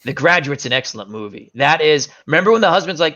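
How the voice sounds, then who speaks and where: A man hosts a casual online chat, his voice bright and very lively in pitch. He retells movie scenes with animation. The audio is slightly dull and lo-fi. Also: fast talker. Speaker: show host.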